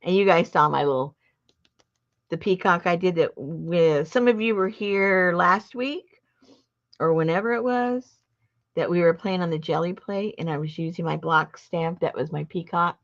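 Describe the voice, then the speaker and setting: A woman's voice: on the low side, moderate pace, dull audio. A woman hosting a casual crafting livestream, chatting in a rambling, self-interrupting way. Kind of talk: casual chat while crafting.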